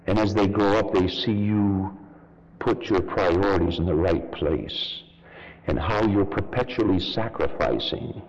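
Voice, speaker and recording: A man preaching a fervent sermon as pastor, his voice leaping high for emphasis and then dropping low. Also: measured pace, big-room sound, highs cut off. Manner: fervent preaching with sharp rises and drops in pitch. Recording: loud background noise.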